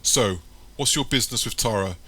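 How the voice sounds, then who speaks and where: A man voicing a tough, armed woman who talks curt and hostile, somewhat higher than his own voice. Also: brisk, bright, forceful tone, husky.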